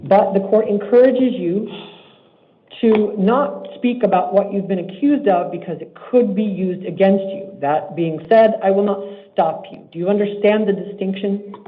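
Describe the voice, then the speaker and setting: Brief: higher-pitched male judge, stern and deliberate, formal courtroom delivery, phone-thin audio. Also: narrow, tinny audio.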